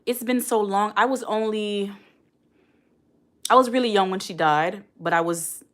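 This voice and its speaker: A woman's voice: medium pitch, measured pace. A woman around forty hosting a casual live stream, chatting and reading viewer comments aloud. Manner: chatty, addresses the chat directly, reads comments aloud.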